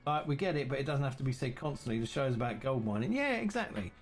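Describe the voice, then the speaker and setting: A man's voice: medium pitch, animated, fast, faint music behind. A man chatting casually and teasingly with viewers while streaming a farming game.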